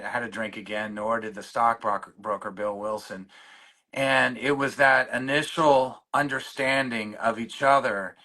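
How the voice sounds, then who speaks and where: A man speaks with a bright, forward voice about finding recovery. He stumbles, restarts, and circles back on his words. His voice stays choked up throughout, humbled and moved by his story. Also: medium pitch. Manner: halting, many restarts, openly emotional. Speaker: guest in recovery. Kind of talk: personal storytelling in conversation.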